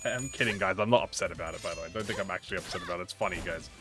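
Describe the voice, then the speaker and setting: A man's voice: sits low, very fast, over music. A man streaming a game, bantering with chat in a playful, mock-threatening way with theatrical, swearing outbursts. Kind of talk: casual livestream gaming commentary.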